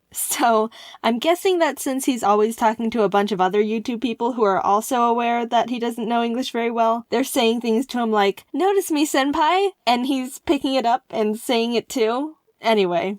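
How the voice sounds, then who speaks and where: A young woman narrating a funny personal story in a vlog, animated and quick to laugh, acting out the lines she quotes. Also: a little high, no echo, studio quality.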